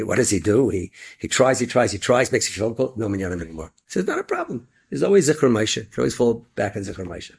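A man telling an inspirational story in animated storytelling, sprinkling Yiddish and Hebrew words. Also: lowish voice, gravelly, slightly rough.

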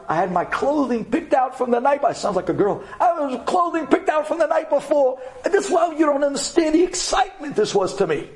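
A middle-aged man from New York tells a personal story to a room of women. His voice sits high and leaps about, with dramatic swings for emphasis. He acts out the dialogue as he goes. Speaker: speaker addressing an audience of women.

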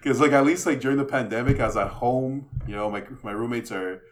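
A man's voice: medium pitch, fairly quick. A man in his twenties, a chef guest on a podcast, talking bluntly and swearing casually. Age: 20s. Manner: blunt, swears casually, quieter when musing. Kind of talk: casual chat.

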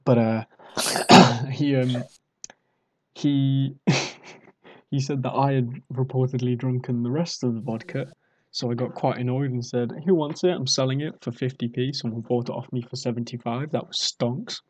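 A man's voice: medium pitch, level tone, unhurried. A young British man casually telling a rambling, self-mocking party story. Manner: rambling, self-mocking, acts out drunk quotes.

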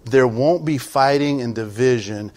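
A man preaching a sermon as pastor, swinging from quiet pleading to loud shouting. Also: mid-range voice, measured pace.

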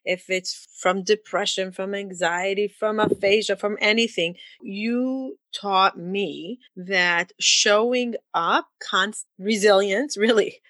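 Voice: mid-range voice, a bit bright, no room sound. An interviewer asking supportive, reflective questions. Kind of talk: sit-down interview.

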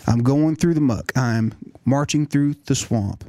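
Unhurried and mellow, a middle-aged nurse practitioner with a mid-range voice tells his personal story earnestly, frequently restarting. The recording is dry.

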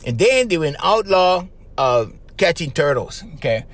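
Chatty Hawaiian podcast man, lively pitch. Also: unhurried. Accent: Hawaiian Pidgin-tinged English. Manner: rambling, chuckling, tags lines with "right?" and "okay?". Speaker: podcast host. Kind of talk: casual solo podcast talk.

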